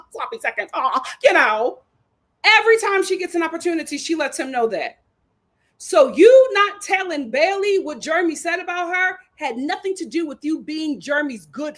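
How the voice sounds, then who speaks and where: A young woman, retelling a reality show episode as host in casual, sassy commentary. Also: sits high. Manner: animated storytelling with sassy asides.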